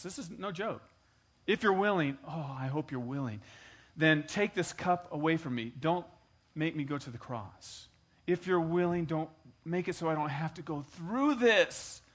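A man preaching a sermon, moving between conversational storytelling and loud, emphatic exhortation, calling on his congregation to answer back. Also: a little high, lively intonation, moderate pace, husky. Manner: emphatic, engages the congregation with call and response. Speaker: pastor.

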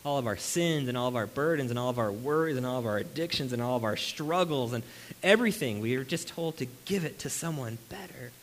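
A male pastor delivers an animated sermon to his congregation, his voice sitting at an ordinary middle pitch. He leans on rhetorical questions and briefly acts out the people he describes. A faint hiss runs under the recording. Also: a little fast, rough recording. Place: room with a congregation.

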